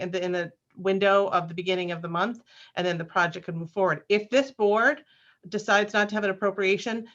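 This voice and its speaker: A woman's voice: mid-range voice, a bit bright. A woman who sits on the town's board of selectmen, explaining the meeting procedure in an orderly way. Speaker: town selectman. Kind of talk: public meeting discussion. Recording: dull lo-fi meeting audio.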